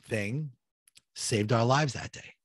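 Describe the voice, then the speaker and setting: Slow and deliberate, a middle-aged guest with a medium-pitched voice narrates a personal survival story, bringing it to life by reenacting each person's words and building suspense. There's no echo, and the quality is studio-grade.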